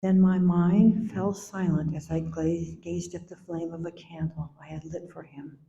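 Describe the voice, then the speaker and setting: An older woman, a mother giving a eulogy at a memorial gathering, speaking slowly and tenderly, now and then singing a line softly. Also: fairly low pitch, little pitch movement, vocal fry. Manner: slow, gentle and tender, sometimes singing softly. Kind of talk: memorial speech. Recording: echoey hall, dull sound.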